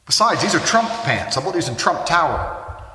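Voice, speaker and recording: A man's voice: on the high side, big pitch swings, normal speed, bright, forceful tone, slight background noise. A man talking casually to camera, brash and boastful, swearing freely as he tells a story. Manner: brash, boastful and heavily profane. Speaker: online personality. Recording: echoey room, mic far off.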